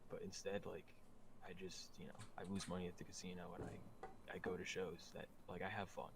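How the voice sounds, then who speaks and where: A man's voice: sits low, flat delivery, brisk, background noise. A man chatting casually on a podcast, rambling with lots of fillers and restarts. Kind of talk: casual chat.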